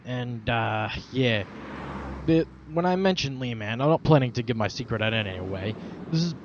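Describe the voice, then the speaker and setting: A man's voice: medium pitch, lively intonation, moderate pace. A man speaking in a put-on Australian accent in an in-character roleplay monologue. He brags, swears constantly and keeps saying slang like "mate". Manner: boastful, swears constantly, lots of Aussie slang. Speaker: roleplaying vlogger. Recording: dull lo-fi outdoor recording with traffic noise.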